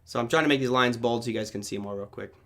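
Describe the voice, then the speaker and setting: A man's voice: mid-range voice, very fast, sharp tone. A middle-aged man from Germany hosting a live trading stream, talking casually and thinking aloud as he walks through charts. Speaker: host. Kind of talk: live market analysis stream.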